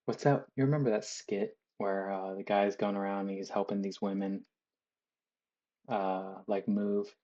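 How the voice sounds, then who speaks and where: A man's voice: sits low, little pitch movement, moderate pace, mellow, highs cut off. A man chatting casually as he draws, rambling and swearing with a loose, joking manner. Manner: loose, profane, chuckling storyteller. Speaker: artist drawing on stream. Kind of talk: casual rambling chat while drawing.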